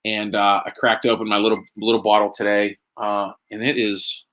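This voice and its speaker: A man's voice: lowish voice, little pitch movement, moderate pace, sharp tone. A man hosting a casual live stream from home, tipsy from drinking, rambling and joking with lots of fillers. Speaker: host.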